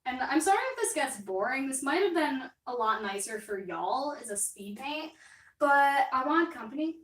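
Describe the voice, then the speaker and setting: A woman's voice: high-pitched, lively intonation, moderate pace, fairly bright tone, far from the mic. Chatty young woman streaming from an echoey room. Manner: chatty, rambling, reads out viewer comments. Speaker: artist live-streaming. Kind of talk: casual livestream chat while painting. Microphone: distant mic, moves around while working. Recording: roomy echo, voice off-mic.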